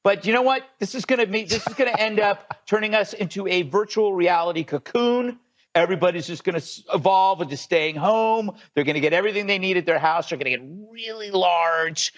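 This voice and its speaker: A man's voice: high voice, fairly quick. A man on a TV panel bantering in a rambling, self-mocking, joking way. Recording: dull, lo-fi TV clip audio.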